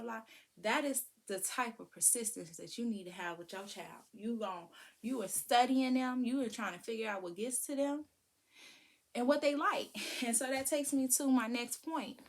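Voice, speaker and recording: A woman giving casual, animated parenting advice, breaking into sing-song sounds. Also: a little high, normal speed, creaky. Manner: animated, preachy, sings and vocalizes to demonstrate. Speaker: parenting vlogger.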